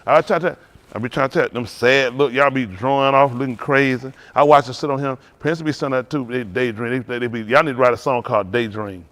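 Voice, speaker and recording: A man preaching a sermon, rousing and conversational, swinging between loud calls and hushed asides. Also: medium pitch, a little fast. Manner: rousing call-and-response preaching, Southern Black church cadence. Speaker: pastor.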